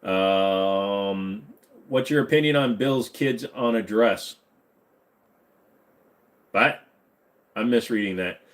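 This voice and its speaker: A man in his mid-thirties hosts a casual live-stream Q&A. He reads chat questions aloud and answers them offhand. His delivery swings between mumbled asides and loud bursts of hype. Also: fairly low pitch, slow, pauses often. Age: 30s.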